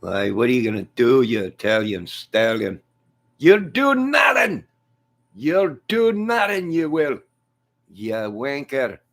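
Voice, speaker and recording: A man putting on a cocky, taunting Irish male prizefighter with a mocking, high, shouting voice. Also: huge pitch swings, takes it slowly, full character voice. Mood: shouting insults. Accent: put-on Irish.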